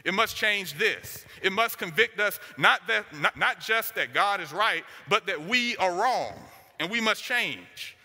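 Emphatic high-voiced male preacher, hall reverb. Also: animated, unhurried, hardly any pauses, pushed and bright. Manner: emphatic, repeats short declarations. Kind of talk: sermon.

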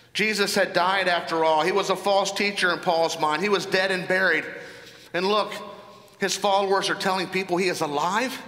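A man's voice: high-pitched, pushed and bright, big-room sound. A man preaching a sermon as pastor, earnest and full of rhetorical questions.

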